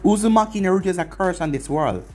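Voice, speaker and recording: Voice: mid-range voice, animated, fast talker, a little mellow, soft background music, voice pushed up, lightly acted. A narrator doing a stern menacing leader. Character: menacing male village leader, coldly righteous.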